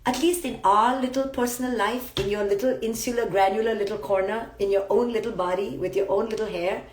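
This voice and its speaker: A woman's voice: mid-range voice, fairly even intonation, a little fast, slight background noise. A woman psychologist giving a live-streamed motivational talk, emphatic and blunt, repeating her key words. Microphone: phone live stream. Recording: roomy echo.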